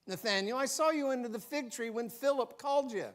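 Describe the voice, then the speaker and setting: A man retelling a scene, voicing Jesus as a calm, assured grown man speaking to a follower, with emphatic delivery. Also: extremely high pitch, brisk, pitched above the performer's own voice.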